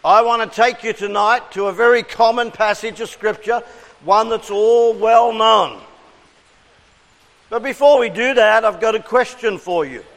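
Australian male pastor, high voice, unhurried delivery, earnest sermon with congregation call-and-response. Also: fairly bright tone, long reverb tail, low-quality recording. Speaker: preacher.

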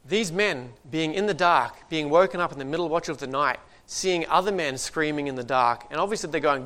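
A man's voice: on the high side, a little fast, hardly any pauses, fairly bright tone. A man preaching a sermon in a conversational way, reading scripture and adding joking asides.

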